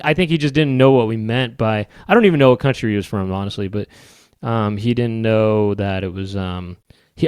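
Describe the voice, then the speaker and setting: Male podcast host, wry casual rambling, mid-pitched, dry close sound. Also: a little mellow, no room sound. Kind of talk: casual comedic monologue.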